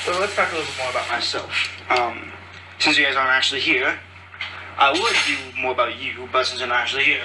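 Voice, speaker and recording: A man's voice: medium pitch, recorded from a distance, background noise. A cheerful, chatty man hosting a podcast, rambling casually and losing his train of thought, recorded on a phone. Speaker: podcast host. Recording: phone recording with loud clattering dishes. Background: clattering cutlery, dishes and pots.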